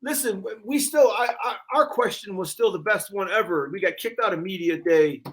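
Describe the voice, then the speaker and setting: High-voiced older man telling stories. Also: normal speed. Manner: animated storyteller, acting out quotes. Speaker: co-host. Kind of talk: casual sports chat.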